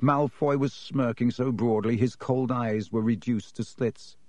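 A man's voice: medium pitch, fairly even intonation, a little slow, a little mellow, no echo. Man narrating an audiobook. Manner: reads expressively, voices each character.

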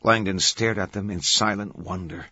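A man narrating an audiobook in a measured, dramatic reading. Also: fairly low pitch, fairly even intonation, pushed and bright, husky, no room sound. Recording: dull, dry studio sound.

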